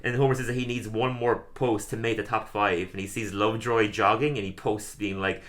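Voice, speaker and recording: Bright-voiced chatty podcast man. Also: fairly low pitch, steady tone, fairly quick. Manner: chatty, laughs often, acts out quoted lines. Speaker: podcast co-host. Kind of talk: casual episode recap.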